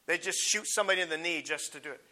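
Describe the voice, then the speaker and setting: A man delivers a sermon in a sharp, very bright voice pitched a bit high. He stumbles over fillers and restarts, then drives his points home by saying them again. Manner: halting, with many fillers and restarts, repeats key points for emphasis. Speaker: preacher.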